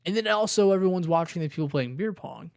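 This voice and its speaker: A man's voice: high-pitched, animated, quick pace, creaky, darkish tone. A young man co-hosting a podcast in casual chat, probing with follow-up questions. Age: young adult. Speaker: podcast co-host.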